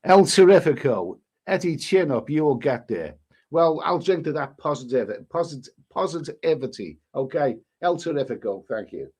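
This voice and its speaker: A man's voice: on the high side, very animated, moderate pace, a little mellow, husky. Exasperated rambling man. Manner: rambling, exasperated, swears mildly. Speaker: travel vlogger reading live chat. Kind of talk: live-stream chat.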